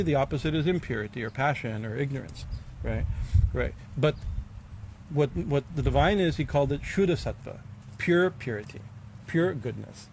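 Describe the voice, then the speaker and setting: Male swami, gravelly voice, informal halting discourse with frequent fillers and bursts of emphasis, faint background hiss. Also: a little high, darkish tone. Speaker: swami giving a scripture class.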